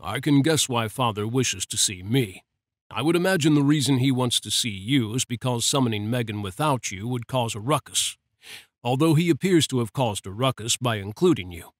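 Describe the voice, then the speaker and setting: A man voicing a calm, formal older brother with old-fashioned phrasing. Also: mid-range voice, moderate pace, dry recording, clean studio sound, close to an everyday voice.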